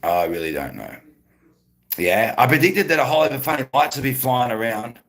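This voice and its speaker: Streamer, male, rambling casual chat, gravelly fry in the voice. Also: mid-range voice, sing-song, brisk, a bit bright. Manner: rambling, talks to chat viewers by name.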